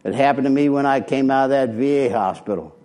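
A man's voice: mid-range voice, quick pace, dark tone. An older man giving a personal testimony talk at a recovery meeting, blunt and plainspoken. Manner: blunt, plainspoken, street-wise.

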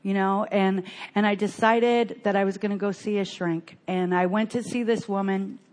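An older woman telling her personal recovery story in an earnest, halting way, often restarting her sentences. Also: medium pitch, fairly even intonation, darkish tone.

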